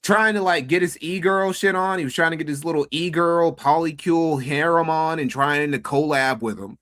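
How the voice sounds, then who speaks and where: A man's voice: on the high side, normal speed, fairly bright tone. A man chatting on a stream in a crude, mocking, offhand way. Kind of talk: casual stream commentary.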